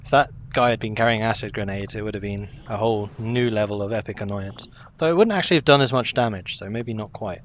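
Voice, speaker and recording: A man's voice: lowish voice, fast, few pauses, lo-fi sound, slight background noise. A young man casually commenting as he plays a game, chatting with his viewers. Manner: chatty, talks to himself and to chat while playing. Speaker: game streamer.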